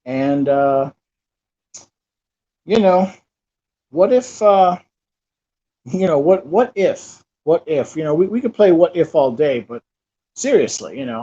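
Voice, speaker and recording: This man's voice is on the high side, warm and husky. A channel host in his thirties, he casually rambles through a personal story full of fillers and restarts, captured in a dull lo-fi recording.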